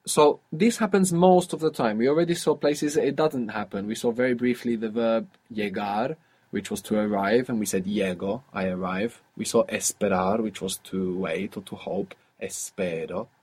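A man's voice: fairly low pitch, a little mellow, husky. A man teaching a guided language lesson, patiently explaining step by step and quizzing his student.

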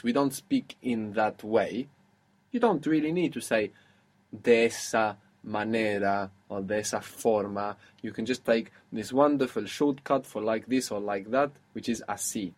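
A man's voice: medium pitch, normal speed. A man teaching a spoken language lesson, patiently explaining step by step and encouraging his student.

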